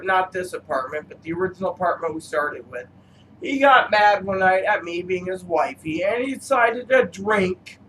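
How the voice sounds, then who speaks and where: A man reviewing cigars who rambles through personal stories, halting often with fillers. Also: high voice, a bit bright, a little hiss or hum, poor audio. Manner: meandering, halting, full of fillers.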